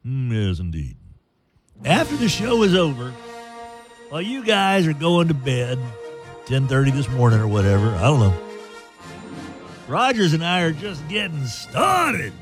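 A male morning radio host with a lively, bouncing delivery who jokes freely between plugs. He takes his time, drawing out his words, over soft music in the background. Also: on the high side, measured pace, long pauses. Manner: playful, jokey, with ad reads. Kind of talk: morning radio show banter. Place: radio studio.

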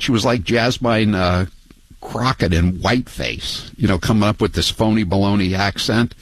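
An older man hosting a talk radio show, rambling and sarcastic, with many halting restarts. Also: lowish voice, dry recording, rough recording.

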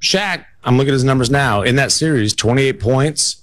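A man's voice: medium pitch, moderate pace, fairly bright tone, dry recording. A man in a casual sports podcast conversation who chimes in often and reads out player stats. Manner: backchannels a lot, reads out stats.

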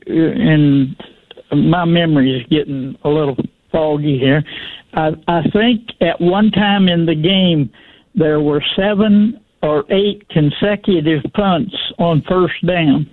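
An older man calling in to a radio sports show, slow and halting as he reminisces. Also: fairly high pitch, no echo. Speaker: caller. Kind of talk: call-in radio chat. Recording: tinny phone line.

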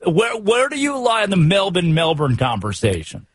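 An American man hosting a sports radio show, talking fast and emphatic with strings of rhetorical questions. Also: high voice, huge pitch swings, slightly rough, no echo. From United States.

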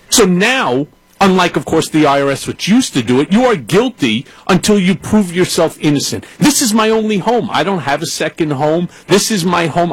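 A man's voice: a little high, breathy edge, no room sound, rough recording. A man with a New York accent, a lawyer guest on a panel, telling his story emphatically and with indignation. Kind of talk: panel discussion.

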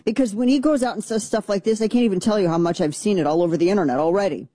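A woman's voice: mid-range voice, very fast, mellow, no room sound. Blunt, combative woman radio host. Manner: blunt, combative, sarcastic, mocking mimicry of opponents. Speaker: radio talk show host. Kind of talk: opinionated political talk radio.

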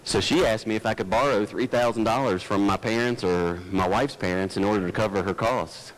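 A man's voice: lowish voice, a little fast, poor audio. A male pastor preaching a sermon in an earnest, folksy way, climbing to emphatic peaks and then easing into personal stories.

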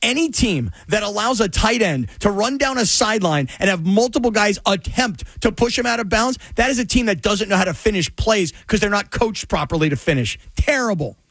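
Male sports-talk co-host, high voice, blunt and emphatic, dry close recording. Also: animated, fairly quick, hardly any pauses, a bit bright, dry recording. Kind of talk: casual sports debate.

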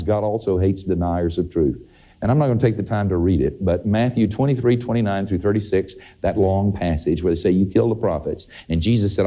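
Male preacher, very animated pitch, dark mellow tone, dull lo-fi sermon recording. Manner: emphatic, rising to exclamations.

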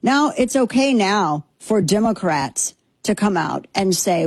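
A woman's voice: medium pitch, expressive, a little slow, husky, no room sound. A woman hosting a political talk show, delivering a sarcastic, indignant monologue. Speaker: political commentary host.

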